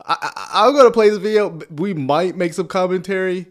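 A man's voice: sits high, a little fast. A man hosting a casual video commentary, talking with lots of fillers, laughs and sarcastic asides. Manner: chuckling, sarcastic, full of fillers. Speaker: commentary host.

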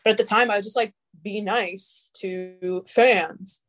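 A woman's voice: mid-range voice, fairly even intonation, a little slow, fairly bright tone. Young woman, podcast guest, casual storytelling, profane, lots of fillers. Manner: profane, filler-heavy, rambling.

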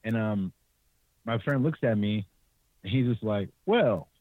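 Lively low-voiced man telling stories. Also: a little slow, no echo. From California. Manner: animated, acts out quotes in a higher voice, laughs often. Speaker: podcast guest, hunter. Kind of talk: casual storytelling. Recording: tinny, dry remote call audio.

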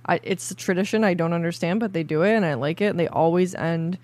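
A young woman co-hosting a podcast, chatting casually, bubbly and quick to laugh. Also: fairly low pitch, a little mellow, no echo. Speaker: podcast co-host. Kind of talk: casual chat.

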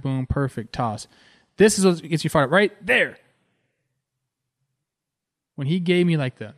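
A man in his thirties from Southern California, a former pro ballplayer telling a story with excitement as he talks over game footage. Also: medium pitch, dry recording, clean studio sound. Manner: excited and animated, says "man" a lot. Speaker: former pro baseball player hosting a video series.

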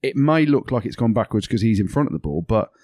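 Laughing man, low voice, dry studio. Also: quick pace, dry recording. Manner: laughs often, animated storytelling. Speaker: podcast co-host, rugby commentator. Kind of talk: casual chat.

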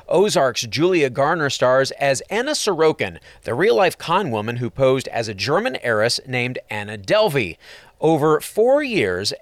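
Upbeat male host for a streaming-picks segment; animated, dry voice-over. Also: mid-range voice, no echo. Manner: upbeat, playful presenter delivery. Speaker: entertainment show host. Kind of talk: scripted entertainment narration with puns.

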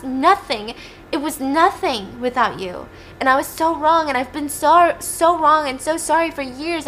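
A woman's voice: on the high side, bright, forceful tone, a little hiss or hum. A woman retelling a film as a heartbroken young man begging forgiveness, earnest and apologetic.

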